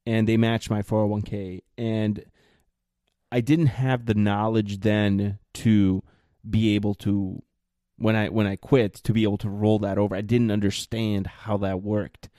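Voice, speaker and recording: A man's voice: fairly low pitch, level tone, a little slow, warm tone, no room sound, clean studio sound. A man in his thirties hosting a solo podcast, ranting bluntly with exasperated, mocking jabs. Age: 30s. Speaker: podcast host.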